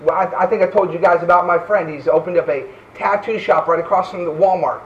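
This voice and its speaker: A man's voice: high voice, brisk, far from the mic, highs cut off, slight background noise. A man preaching a fervent sermon as pastor, often tossing in "right?" asides.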